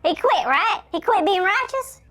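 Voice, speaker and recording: Squeaky shrunken chipmunk-voiced host. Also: male voice, very animated, pushed and bright, exaggerated voice. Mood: curious. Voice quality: squeaky cartoon-elf voice. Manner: panicky, goofy, quick to exclaim. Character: tiny shrunken male host, panicky and silly. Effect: sped-up chipmunk pitch. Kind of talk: kids' church show comedy skit.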